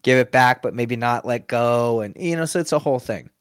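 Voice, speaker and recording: A man's voice: mid-range voice, fairly quick, smooth, no echo, clean studio sound. A man who performs as a sports mascot, telling stories in a casual interview, laughing often and acting out what people said. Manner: animated, laughs often, acts out quotes.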